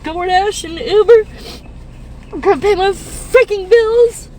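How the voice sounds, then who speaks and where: A woman in her fifties, crying and distressed, venting from her parked car with halting, swearing speech and nervous laughs, recorded on a phone. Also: very high-pitched, warm tone, a little hiss or hum. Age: 50s. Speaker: rideshare and delivery driver. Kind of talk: tearful venting video. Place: parked car in a fast-food parking lot.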